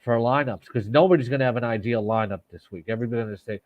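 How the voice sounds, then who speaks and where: A man's voice: lowish voice, no room sound. Man on dull, dry remote audio. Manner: self-deprecating, chatty, quick restarts. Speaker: fantasy football analyst guest. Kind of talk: casual chat. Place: home in New York.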